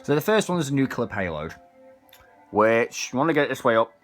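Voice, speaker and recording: A man's voice: medium pitch, very animated, fairly quick, fairly bright tone, soft background music. A man casually reviewing an action figure, chatting as he demonstrates its parts. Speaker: toy reviewer.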